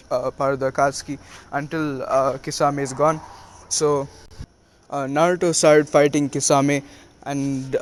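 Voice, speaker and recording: A man casually retelling a story with many halting fillers. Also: on the high side.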